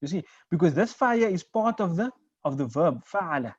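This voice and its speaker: A male Arabic teacher leads an online class, patient and methodical, checking in with his students. His voice sits a little high for a man. The sound is dry and dull, like lo-fi call audio. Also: very animated, moderate pace, slightly rough, no echo. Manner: patient, explains step by step, checks understanding.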